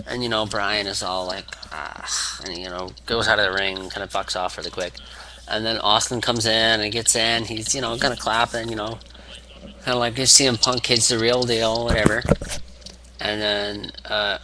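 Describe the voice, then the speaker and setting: A man's voice: fairly low pitch, pushed and bright, a little hiss or hum. A man rambling casually through a story, full of fillers and restarts. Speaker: wrestling fan.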